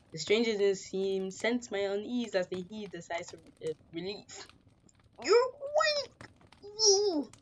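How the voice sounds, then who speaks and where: A woman's voice: medium pitch, lo-fi sound, slight background noise. A woman reading a visual novel aloud as she plays it, breaking off for playful asides. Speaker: gamer.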